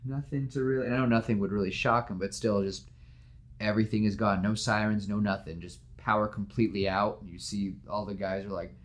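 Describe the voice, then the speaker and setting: Low-voiced man retelling a movie pitch. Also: fairly even intonation, fairly quick. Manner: retells scenes, acting out characters' lines; conversational, with fillers and restarts. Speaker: podcast co-host pitching a movie. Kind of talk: casual podcast chat.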